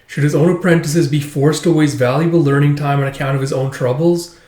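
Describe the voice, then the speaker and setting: A man reading out the lines of a sly, condescending woman mentor in a slow, mocking way. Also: on the high side, fairly even intonation, darkish tone, lightly acted. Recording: roomy echo.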